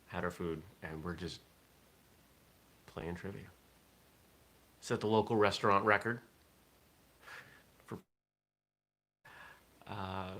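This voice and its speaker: A man's voice: low-pitched, a bit bright. A man hosting a casual morning vlog, rambling and thinking aloud with fillers. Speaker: vlog host.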